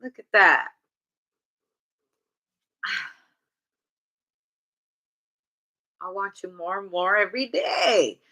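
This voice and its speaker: A woman's voice: medium pitch, drawn-out words, long pauses, pushed and bright, low-quality recording. A woman giving a casual tarot reading in a blunt, chatty, profane way. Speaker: tarot reader.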